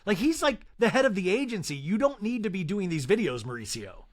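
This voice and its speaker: Podcast host, young man, high voice, dishy and animated, given to quick mock impressions. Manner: gossipy, animated, breaks into mock impressions of reality stars. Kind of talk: casual chat.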